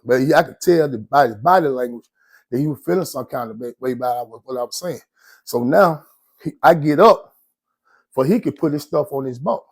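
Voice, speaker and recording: A man from Georgia with an Atlanta accent telling prison stories in a casual, slangy, animated way. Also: mid-range voice, a little fast, dry recording. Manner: animated, slangy, laughs often between lines. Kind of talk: casual storytelling.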